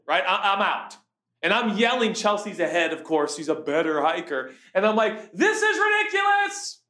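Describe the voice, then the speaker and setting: A man in his forties, a pastor, preaching a sermon with lively storytelling and acted-out shouts. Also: high voice, echoey room. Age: 40s. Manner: storytelling, animated, acts out his own shouts.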